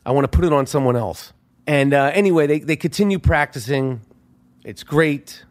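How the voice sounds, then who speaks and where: A middle-aged man hosting a podcast, telling a story in a profane, animated monologue that swings between loud outbursts and hushed asides. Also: on the high side, normal speed. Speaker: podcast host.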